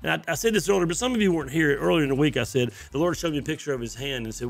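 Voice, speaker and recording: A gravelly-voiced man preaching with emphasis. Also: a little high, very fast, hardly any pauses, soft background music. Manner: conversational, emphatic preaching with repeated phrases. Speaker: pastor. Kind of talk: sermon.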